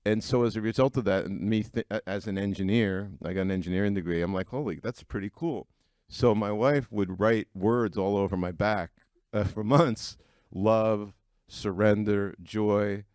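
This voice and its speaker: A middle-aged man with a very low voice and a gravelly, creaky edge. He tells personal stories to a live audience at an event in a frank, conversational way, and the sound is close and dry. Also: fairly even intonation, moderate pace, a little mellow, dry recording. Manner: conversational and frank, with frequent fillers. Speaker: keynote speaker at an entrepreneurs' breakfast. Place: event venue before an audience.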